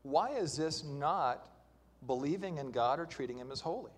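A male pastor preaching a sermon, with loud emphatic stretches and quieter hushed lines. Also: on the high side, animated, moderate pace.

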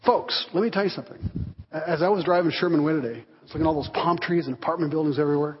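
A man's voice: fairly high pitch, racing, husky. A man preaching a sermon as pastor, telling stories and acting out the voices of people in them. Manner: animated storytelling, acting out voices. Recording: dull reverberant hall recording.

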